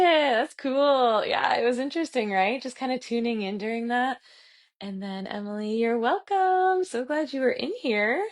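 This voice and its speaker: A young woman wrapping up a live online fitness class, effusive and emotional, reading out comments from attendees. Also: medium pitch. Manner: warm, effusive and gushing, reads chat comments aloud. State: emotional, tearing up. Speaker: fitness instructor. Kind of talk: live virtual class wrap-up.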